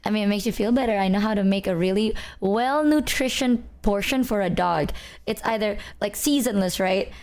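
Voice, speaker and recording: A woman's voice: medium pitch, moderate pace. A young woman streamer chatting casually, telling rambling stories full of "like" and "bro". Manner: rambling, animated storytelling with lots of "like" and "bro". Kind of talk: casual chat.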